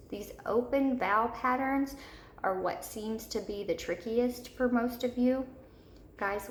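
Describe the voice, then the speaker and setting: A woman teaching a third-grade spelling lesson, patiently repeating each word slowly for young children. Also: mid-range voice. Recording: echoey room with faint noise.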